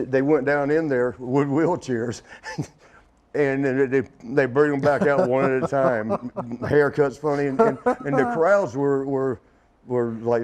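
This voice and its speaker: A man's voice: mid-range voice, a little mellow. A middle-aged man as an interview guest, telling a rambling anecdote in a casual way, often chuckling and acting out other people's lines.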